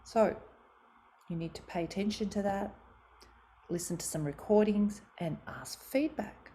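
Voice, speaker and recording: Australian woman, middle-aged, motivational speaker, expressive, mellow tone. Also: mid-range voice, unhurried, long pauses, slight background noise. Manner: expressive, acts out quoted voices. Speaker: speaker on communication. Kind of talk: motivational talk.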